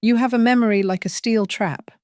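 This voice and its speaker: Woman doing a cheery male coworker, admiring, raised higher voice, dry close sound. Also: fairly even intonation, a little fast, darkish tone, no echo, lightly acted. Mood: fond. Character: friendly male coworker at retirement party.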